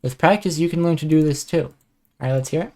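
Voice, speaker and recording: Deep-voiced woman streamer, chill, kinda scattered. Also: fast talker. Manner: relaxed, easily distracted, reading narration then chatting. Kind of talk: live-stream chat and commentary.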